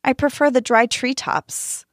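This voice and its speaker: A prim, squeamish female swamp hen from a storybook declines politely, as a woman puts her on. She sits a little higher than the narration, and the sound is dry and close. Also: fairly even intonation, a little slow, dry recording.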